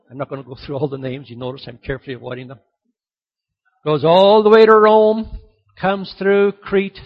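A man with a high, husky voice preaches a sermon, animated and climbing to excited peaks as he drives each point home. The recording sounds dull and lo-fi. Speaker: pastor.

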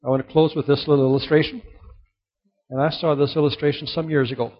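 A middle-aged man giving a motivational sermon to young people, emphatic and repetitive, sometimes dropping to a soft earnest tone. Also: a little high, little pitch movement, fast. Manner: emphatic, repeats key points, drops to soft earnest tones. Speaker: youth speaker. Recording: dull lo-fi recording.

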